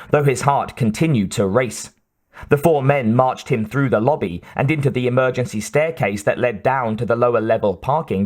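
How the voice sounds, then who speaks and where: Reading scripted narration for an audiobook, a man speaks in a mid-range voice with a measured, even storytelling style.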